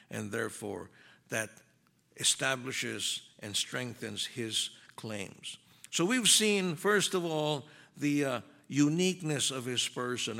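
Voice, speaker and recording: A man from the Philippines preaches in a raised, emphatic sermon style, drawing out the words he wants to land. His voice sits high for a man and rings very bright and cutting. He shifts from forceful declarations down to hushed, slow phrases. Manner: emphatic, drawn-out stresses on key words, swings between loud and hushed.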